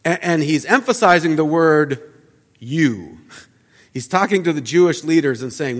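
A man preaching a sermon as a pastor, earnest, often repeating words and dropping to a quiet low voice for emphasis. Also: expressive, unhurried. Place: church sanctuary. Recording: church hall reverb.

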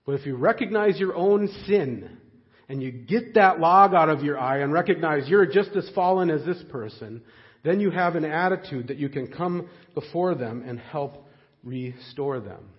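Male pastor, sermon, lively up-and-down delivery, slightly raised pitch, dull lo-fi sound. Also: normal speed. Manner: conversational, animated preaching with many fillers.

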